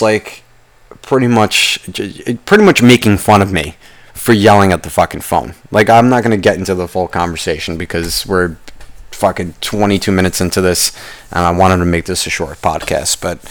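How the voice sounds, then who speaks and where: A young man hosting a podcast, telling a long story in a casual, rambling way and swearing constantly. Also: low-pitched. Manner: rambling with restarts and asides. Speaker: podcast host.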